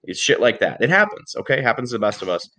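This young man speaks very fast in a mid-range voice while co-hosting a podcast, rambling through animated stories laced with swearing. There's slight background noise in the casual chat.

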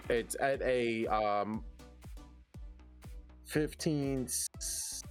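A man acting as game master of a tabletop game, reading out rolls and halting with "uh" and "um" as he checks numbers. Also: medium pitch, soft background music. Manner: halting, fills pauses with "uh" and "um" while checking rolls. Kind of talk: running a tabletop game over voice chat.

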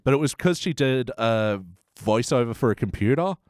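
A man hosting a casual podcast chat, animated and quick to act out quotes. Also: medium pitch, dry recording, clean studio sound. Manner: animated, quotes lines in excited voices. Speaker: podcast host.

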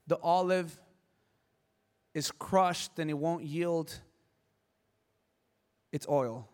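A man's voice: a little high, big-room sound. A man preaching a sermon with passion, repeating words for emphasis and telling stories. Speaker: pastor.

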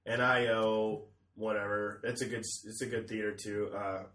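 A man's voice: on the low side, flat delivery, moderate pace, a bit bright, reverberant, recorded from a distance. A man comedian telling a rambling story in casual chat, swearing and laughing often. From Chicago area. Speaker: comedian guest.

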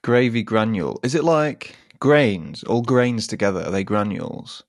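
Laughing often, a podcast co-host tells a story in casual conversation and plays out the voices of its characters. His voice sits on the low side and moves at a normal speed. It's studio-quality audio with no echo.

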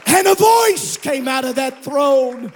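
Male pastor, very high voice, slow deliberate delivery, shouts and sings out lines in church. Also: expressive, some chatter behind, a little hiss or hum. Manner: preaching with shouted, sung-out passages. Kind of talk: sermon.

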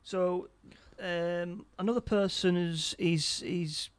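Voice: medium pitch, fairly even intonation, takes it slowly, smooth. A speaker casually retelling a film's plot scene by scene, stumbling over and repeating words. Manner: stammering, repeats words often.

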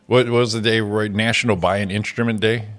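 A man's voice: on the low side, level tone, brisk, a bit bright, soft background music. A man co-hosting a morning talk show, teasing his co-host in casual banter. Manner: laughs often, teasing banter. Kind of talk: casual chat.

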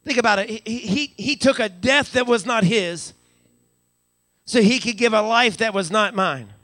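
This man, a pastor with a Western Pennsylvania accent, preaches live from a church sanctuary in a high-pitched, slightly bright voice at a moderate pace. The audio is studio quality with no room sound; he stammers repeated words when building up and calls out hallelujah.

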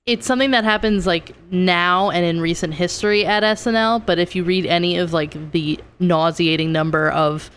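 A woman co-hosting a podcast in relaxed casual chat, reacting quickly and adding her own stories. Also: lowish voice, a little hiss or hum. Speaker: podcast co-host.

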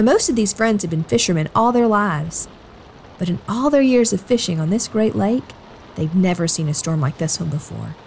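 A woman slowly and gently telling a Bible story to children, speaking expressively and addressing them directly. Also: mid-range voice, vocal fry, a little hiss or hum, poor audio. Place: at home.

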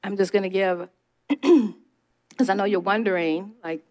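A middle-aged woman delivers a conversational sermon, speaking directly to her listeners in an emphatic, testifying manner. Her voice is medium in pitch with a darkish tone, and she takes her time, pausing often.

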